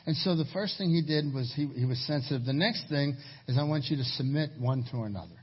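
A husky, fairly high-voiced middle-aged man preaches to his congregation. He tells stories and punches key lines with sudden loud emphasis. The recording is dull and lo-fi. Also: fast talker. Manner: storytelling, animated with sudden raised emphasis. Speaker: pastor. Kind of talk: sermon.

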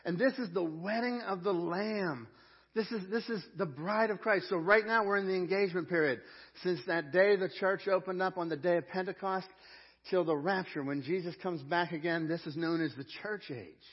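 A male pastor delivers a sermon in a high, husky voice at normal speed, repeating key phrases. He swings between loud proclamation and hushed storytelling, and the recording sounds muffled.

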